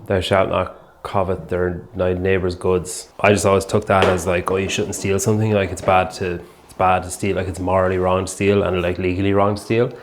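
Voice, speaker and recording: A man's voice: low-pitched, little pitch movement, fast talker, few pauses, slight background noise. A young man chatting casually as a podcast host, rambling and filling his sentences with "like". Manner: rambling, heavy use of "like". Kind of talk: casual vlog chat.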